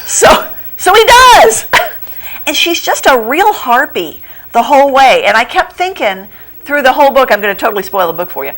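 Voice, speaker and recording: A middle-aged woman who runs a bookstore, chatting as a guest in a local TV studio interview, animated and quick to laugh as she retells plots. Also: rough recording. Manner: acts out quoted lines in a higher voice. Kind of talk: casual TV interview chat.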